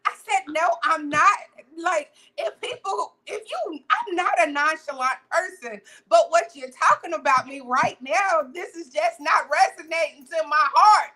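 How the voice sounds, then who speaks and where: A woman co-hosting a morning talk show, animated and laughing as she rambles through a point. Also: very high-pitched, moderate pace, hardly any pauses. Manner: animated, laughing, repetitive storytelling. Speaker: co-host. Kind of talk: casual morning show chat.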